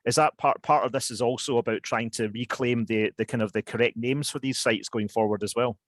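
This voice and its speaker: A man hosting an online question session, halting and apologetic with many fillers. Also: mid-range voice, steady tone, no room sound. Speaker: event host. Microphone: video call.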